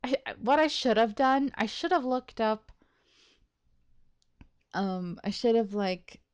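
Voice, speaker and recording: A woman's voice: fairly high pitch, animated, takes it slowly, smooth. A woman hosting a let's play, chatting casually and self-deprecatingly about her schedule and the game, thinking aloud with many restarts and laughs. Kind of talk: casual gameplay commentary.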